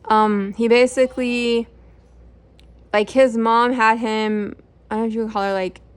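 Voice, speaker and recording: A middle-aged woman who hosts a book channel talks casually through books she has read, rambling with plenty of fillers and self-corrections. Her voice is a little high, smooth and level in tone, at a measured pace.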